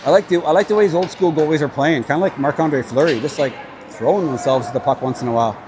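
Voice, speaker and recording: Speaking fast in a fairly high voice, a man calls an amateur hockey game on a livestream as play-by-play commentator, chatty and openly cheering for his side. The rink crowd makes for a noisy background.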